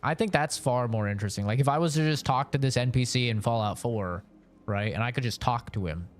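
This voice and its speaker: A man's voice: medium pitch, brisk, faint music behind. A man streaming a game, chatting casually and rambling with jokes to his viewers. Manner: rambling, joking, talks to chat. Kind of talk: casual gameplay chat.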